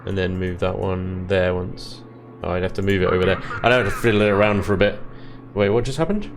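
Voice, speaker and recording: A man casually commentating his strategy game play, chatty, self-deprecating and quick to laugh. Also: low voice, fairly even intonation. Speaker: let's play host.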